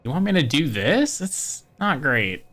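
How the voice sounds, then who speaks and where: A video game streamer talks through gameplay at a measured pace, casual and animated. Their pitch swings around a lot, with frequent laughs and offhand swearing.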